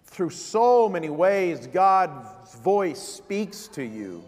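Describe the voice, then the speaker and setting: A man's voice: sits high, very animated, drawn-out words, a little mellow, in a large hall. A man preaching a sermon as vicar, driving points home with repeated rhetorical questions.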